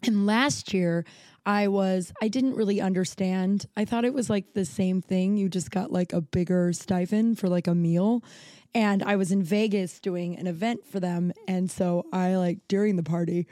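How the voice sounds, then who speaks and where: Rambling woman with a mellow voice. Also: medium pitch, steady tone, normal speed, dry recording. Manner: rambling, filler-heavy, self-interrupting. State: tired, yawning. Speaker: podcast host. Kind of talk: casual solo chat. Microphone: home recording setup.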